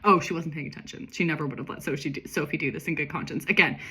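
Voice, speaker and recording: Young woman, low husky tone, self-mocking storyteller who reads aloud and keeps stopping to comment. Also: bright, forceful tone. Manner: amused, self-mocking, acts out lines in quick voices. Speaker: host reading her childhood story. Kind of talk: casual commentary while reading aloud.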